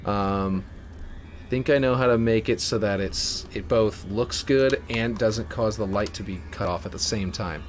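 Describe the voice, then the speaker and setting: A man giving casual, rambling commentary as he builds a game map, thinking out loud and correcting himself as he goes. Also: fairly low pitch, background noise.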